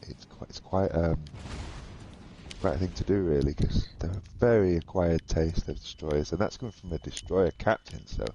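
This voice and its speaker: A man chatting casually in voice chat while gaming, excitable and stammering through restarts. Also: sits low, moderate pace, highs cut off, slight background noise. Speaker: guest gamer.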